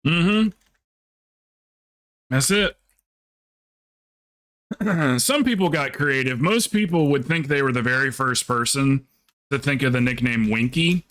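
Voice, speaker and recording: A man's voice: medium pitch, slow pace, pauses often, a bit bright. A man from South Carolina, streaming a game and telling rambling, joking stories in casual chat. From South Carolina, USA. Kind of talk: casual chat while gaming.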